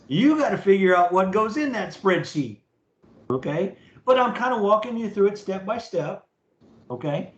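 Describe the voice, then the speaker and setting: High-pitched guy professor on a recorded online class, keeps saying okay?, echoey and a bit muffled. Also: sing-song, normal speed. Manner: casual, repeats "okay?" to check understanding. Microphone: computer mic in a video meeting. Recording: roomy, dull lo-fi meeting recording.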